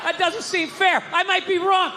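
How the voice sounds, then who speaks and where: A man's voice: very high-pitched, level tone, moderate pace, a crowd in the background. A middle-aged man doing stand-up, telling a profane, self-mocking story in a ranting style. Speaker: stand-up comedian. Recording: long hall reverb, faint noise.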